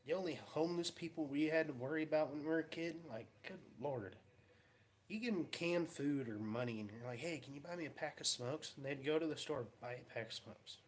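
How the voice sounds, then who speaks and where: This man's fairly high voice moves fairly quickly over a slight hiss or hum. Originally from the US Pacific Northwest, he vlogs in a casual, rambling way, spinning wry tales of his day and mimicking people in mocking voices.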